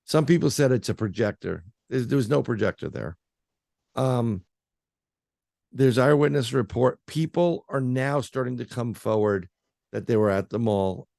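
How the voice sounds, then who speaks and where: A man's voice: mid-range voice, normal speed, vocal fry, a little mellow, no room sound, studio quality. A man being interviewed as a paranormal researcher, telling a story in a casual, rambling way with lots of fillers and restarts.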